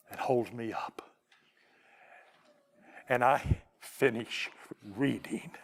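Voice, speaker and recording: Preacher guy telling his story from the pulpit, emotional, drops real quiet then comes back up. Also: medium pitch, a little hiss or hum. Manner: emotional testimony, slows to a hush at tender moments. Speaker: Baptist preacher. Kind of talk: storytelling sermon.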